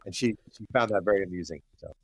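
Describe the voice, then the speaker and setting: Relaxed male author from New York. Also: sits low, fast, slight background noise. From New York state, USA. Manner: relaxed, conversational, hesitant fillers. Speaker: guest author and journalist. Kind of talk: casual interview talk.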